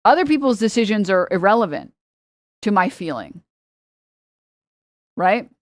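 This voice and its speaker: A woman streams and chats casually with her viewers, blunt, opinionated and quick to swear. Her voice sits at an ordinary middle pitch and laughs come easily. The sound is dry and close, with no room echo. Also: very animated. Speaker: livestreamer. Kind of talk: casual livestream chat with viewers.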